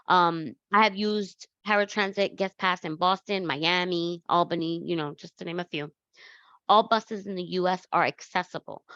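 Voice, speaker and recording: A woman presenting slides in a relaxed, conversational way and correcting herself as she goes. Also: fairly low pitch, no echo, muffled recording. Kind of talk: slide presentation on accessible travel.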